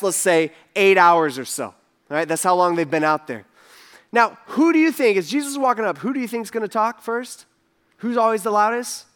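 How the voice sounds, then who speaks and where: A pastor with a high, bright, forceful voice gives a smooth but casual sermon. He speaks conversationally, saying "like" a lot and doing voices for the characters in his quotes.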